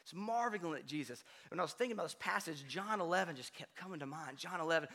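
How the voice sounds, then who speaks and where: A man preaching a sermon in a conversational way, often checking in with "right?" and swinging from hushed to loud. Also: a little high, fast. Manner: conversational, frequent "right?" asides, animated swings from quiet to loud. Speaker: pastor.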